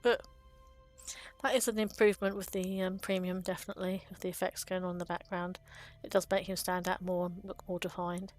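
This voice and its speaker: A woman's voice: on the low side, little pitch movement, a little fast, soft background music. A woman hosting a video about card game art, talking casually and fondly with frequent ums and little laughs. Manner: chatty and fond, with frequent ums and small laughs.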